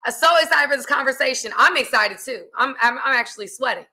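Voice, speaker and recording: An American woman in young adulthood hosting a casual livestream chat, lively and talkative, calling her audience y'all. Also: high-pitched, fast talker. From United States. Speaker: host.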